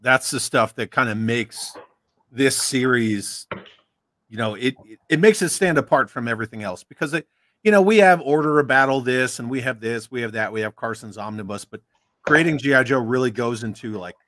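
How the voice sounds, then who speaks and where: A man's voice: mid-range voice, normal speed, a bit bright. A man hosting a casual livestream interview, chatting with his guest and greeting viewers from the chat. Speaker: host.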